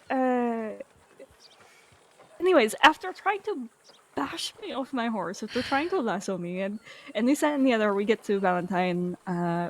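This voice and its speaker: Animated woman telling a story. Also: fairly high pitch. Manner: animated storyteller, acts out the other man's lines. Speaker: roleplay game player. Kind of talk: in-character storytelling.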